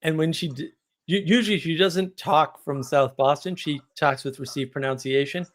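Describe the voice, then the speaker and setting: Slightly high-voiced chatty man. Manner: chatty, quick to agree. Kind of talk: casual chat on a live stream.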